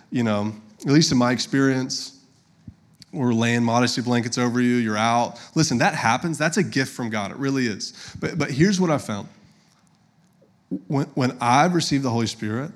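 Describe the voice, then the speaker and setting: A man, preaching a sermon as a pastor in a conversational, storytelling way and addressing the congregation directly. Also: medium pitch.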